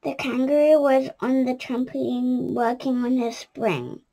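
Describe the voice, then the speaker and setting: A woman's voice: high voice, steady tone, unhurried, dark tone. A woman reading a children's picture book aloud, careful and with small restarts. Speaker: storyteller.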